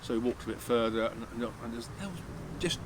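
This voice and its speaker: A man's voice: mid-range voice, quick pace, background noise. A man casually telling a long anecdote, rambling with restarts and acting out what people said. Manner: rambling, anecdotal, acts out dialogue with many restarts. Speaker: channel host telling a hunting anecdote. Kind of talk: casual storytelling.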